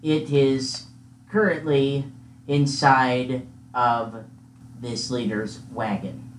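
A woman's voice: extremely low pitch, fairly even intonation, very slow. A woman narrating as game master, giggly and full of fillers. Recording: echoey room, faint noise.

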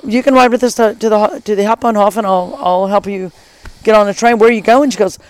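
A middle-aged former high school teacher telling a travel story in casual chat, lively and enthusiastic, with many asides. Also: fairly quick, clear, resonant tone, no room sound.

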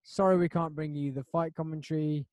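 A man hosting a casual podcast chat from a home studio, excitable and quick to laugh. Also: a little high, no room sound. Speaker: podcast host.

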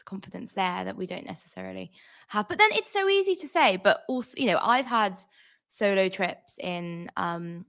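A woman's voice: mid-range voice, animated, normal speed, creaky, fairly bright tone. A woman author as an interview guest, chatty and thoughtful with many fillers. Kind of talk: casual interview chat.

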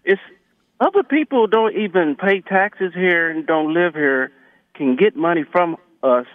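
A male caller on a phone-in show, arguing his opinions in an animated way with many fillers. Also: sits high, measured pace, no room sound. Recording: tinny phone line.

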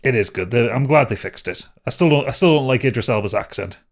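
A man's voice: medium pitch, animated, quick pace. A man co-hosting a podcast in casual chat, rambling with lots of fillers and casual swearing. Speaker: podcast co-host.

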